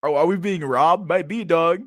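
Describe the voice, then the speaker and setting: A man's voice: on the high side, moderate pace, fairly bright tone, dry recording, clean studio sound. A man streaming casual reaction commentary on videos, with crude slang, frequent laughter, and a habit of calling his viewers dog and bro.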